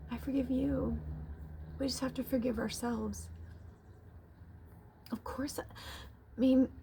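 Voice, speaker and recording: A woman's voice: sits high, fairly even intonation, takes it slowly, vocal fry, background noise. A woman who works as a spiritual medium, talking casually and emotionally about her life in a rambling, confessional way, swearing now and then and sometimes dropping to a whisper. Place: tiny home.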